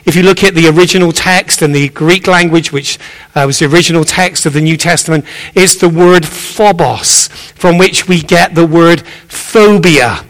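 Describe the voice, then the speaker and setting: High, bright-voiced preacher in an echoing church. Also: male voice, moderate pace. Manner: earnest and encouraging, repeats key phrases. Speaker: visiting preacher. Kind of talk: sermon. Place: church sanctuary. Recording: echoey church hall.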